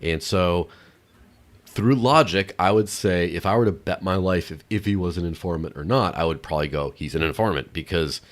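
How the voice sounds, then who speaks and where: Deep-voiced male podcast co-host, blunt and irreverent, casual and a bit exasperated. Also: normal speed. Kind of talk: casual chat.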